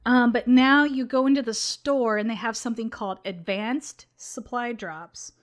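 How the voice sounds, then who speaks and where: Young woman cohosting a gaming podcast, kinda high voice, laughs a lot. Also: moderate pace. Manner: chatty, laughs often. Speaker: podcast co-host. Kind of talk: casual gaming podcast chat.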